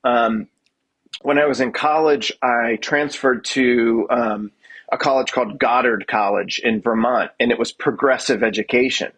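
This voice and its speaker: Husky man telling stories with stammering restarts. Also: mid-range voice, steady tone, a bit bright. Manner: halting, many restarts, self-deprecating humor. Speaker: guest musician. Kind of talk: casual podcast chat.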